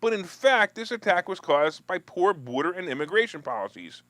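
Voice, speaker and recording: A man's voice: big pitch swings, moderate pace, bright, forceful tone, no room sound. A man hosting a live finance and politics talk show, chatting loosely with viewers and joking, with restarts and asides. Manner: mocks opponents in a whiny high voice. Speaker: host of a stock market talk show.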